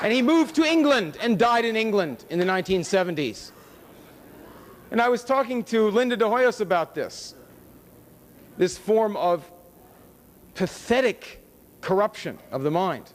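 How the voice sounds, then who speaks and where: A fairly high-voiced American man speaks at a conference with a casual, sardonic delivery and pointed rhetorical questions. His voice rings with the long reverb of a large hall. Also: expressive, a little slow, long pauses. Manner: conversational and sardonic, with wry asides and rhetorical questions. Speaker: conference lecturer. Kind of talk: public lecture with slides.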